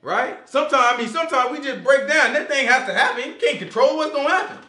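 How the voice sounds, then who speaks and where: A man leading an informal Bible study, lively and acting out scenes in quoted voices. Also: extremely high pitch, fast. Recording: echoey room.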